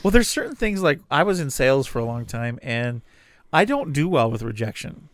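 A middle-aged man co-hosting a podcast in casual chat, animated and jokey. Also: medium pitch, fairly quick, dry recording. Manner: animated, jokey, laughs often. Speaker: podcast co-host, freelance voice talent.

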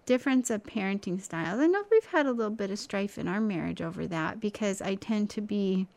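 A woman co-hosting a casual talk show with her husband, easygoing and quick to laugh. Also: mid-range voice, lively intonation, creaky, a little mellow. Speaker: podcast co-host. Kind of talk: casual chat. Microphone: studio mic.

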